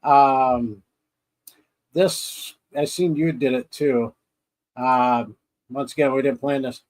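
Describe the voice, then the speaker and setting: A man's voice: mid-range voice, fairly even intonation, takes it slowly, low-quality recording. A man co-hosting a podcast in casual chat, rambling through scenes, acting out his own reactions and laughing often. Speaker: podcast co-host.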